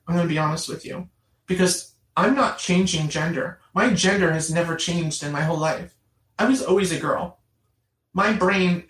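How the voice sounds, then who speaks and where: A middle-aged woman telling her personal story in an interview, earnest and emphatic, repeating phrases for stress. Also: lowish voice. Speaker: guest. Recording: roomy, distant mic.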